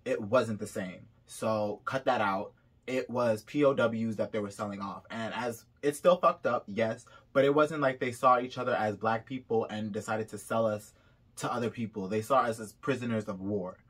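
A man's voice: fairly low pitch, normal speed, a bit bright, husky. A young Haitian-American man vlogging casually, reading results aloud with chatty asides while a bit sick. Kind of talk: casual vlog reaction.

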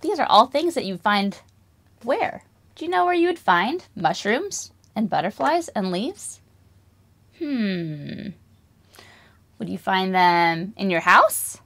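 A woman's voice: medium pitch, very animated, takes it slowly, long pauses, fairly bright tone. Sing-song woman teaching toddlers. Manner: sing-song, exaggerated gasps and wonder, questions to toddlers. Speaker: preschool music teacher. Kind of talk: children's lesson, singing and toy play.

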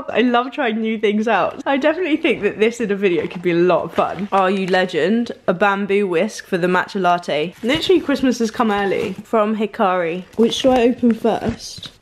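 A woman's voice: mid-range voice, normal speed, few pauses. A young woman vlogging casually, bubbly and gushing as she talks and laughing often. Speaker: fitness and food vlogger. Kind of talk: casual vlog.

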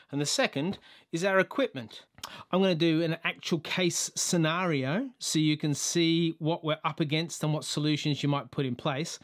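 Playful Australian man, slightly high voice, casual home tutorial on a laptop mic in a kitchen. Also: a bit bright. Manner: playful, chatty, demonstrative. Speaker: video tutorial presenter. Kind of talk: casual how-to demonstration. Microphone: laptop built-in mic.

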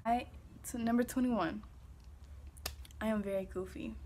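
A woman's voice: on the high side, fairly even intonation, measured pace, darkish tone, a little hiss or hum. A young woman from Kansas City, Missouri, vlogging casually to the camera in a sassy, goofy, emphatic way, swearing freely. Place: home. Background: faint music playing.

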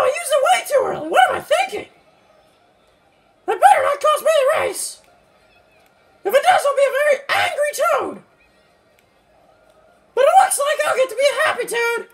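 A hyper little male mushroom racer, voiced extremely high and squeaky with a slight southern twang. He swoops all over and has a gravelly edge, yelping at every setback in his game commentary. Faint game music plays behind him. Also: full character voice. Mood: triumphant. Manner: excitable, yelps and complains at mishaps. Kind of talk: let's-play game commentary in character.

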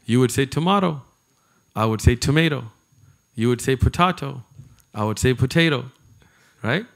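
A man giving an animated religious lecture to a live audience, talking conversationally and turning to the listeners with asides. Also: medium pitch. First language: not Arabic. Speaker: Islamic preacher.

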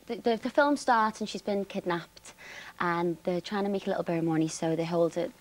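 A woman's voice: lowish voice, fairly quick. Bubbly Scouse woman guest. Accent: Liverpool Scouse. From Liverpool, England. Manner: bubbly, giggly storytelling. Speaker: actress guest. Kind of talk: chatty talk-show interview.

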